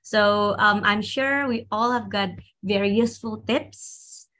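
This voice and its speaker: A woman's voice: medium pitch, takes it slowly, pushed and bright. A woman hosting an online class, upbeat and loose, with many fillers as she moderates questions. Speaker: class host.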